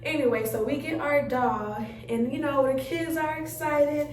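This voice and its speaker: A young woman vlogger tells a story in a casual, chatty way, acting out her own reactions. Her high voice is unhurried with fairly even intonation, and she sounds a little away from the mic in a roomy space at home.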